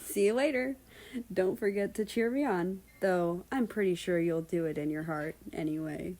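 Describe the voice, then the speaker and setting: A woman's voice: on the low side, normal speed, a little mellow, lightly acted. A woman voicing a playful, cocky young male prince in a storybook reading. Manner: cocky, teasing.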